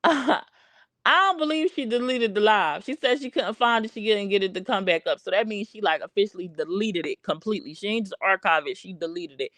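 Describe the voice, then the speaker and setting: A woman hosts a casual livestream of drama commentary, bluntly and animatedly calling someone out and repeating her points. Her voice is medium in pitch and a little fast. She uses a streaming microphone, with no room sound.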